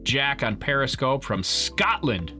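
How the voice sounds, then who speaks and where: Bright-voiced chatty livestream host. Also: male voice, medium pitch, big pitch swings, takes it slowly, soft background music. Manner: chatty, joking, laughs often. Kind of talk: casual live-stream chat with viewers.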